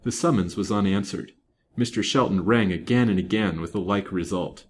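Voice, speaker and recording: A man narrating a serialized old novel in a measured, dramatic reading. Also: low voice, a little hiss or hum. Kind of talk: scripted audiobook narration.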